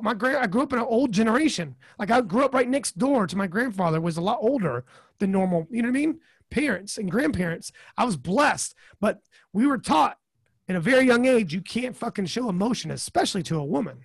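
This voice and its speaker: A man's voice: high-pitched, animated, brisk, husky, no echo, studio quality. A man hosting a podcast in casual chat, blunt and profane, drifting into rambling asides. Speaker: podcast host.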